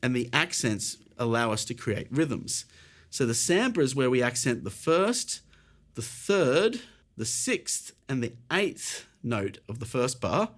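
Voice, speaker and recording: A man's voice: medium pitch, big pitch swings, a little slow. A British man teaching an online piano lesson, encouraging and casual, explaining while counting and playing along. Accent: British English. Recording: faint piano music behind.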